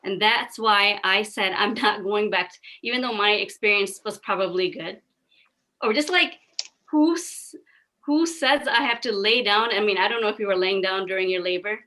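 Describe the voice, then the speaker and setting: A woman's voice: mid-range voice, normal speed, sharp tone. A woman co-hosting a casual chat, talking in an earnest, emphatic way. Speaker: podcast co-host.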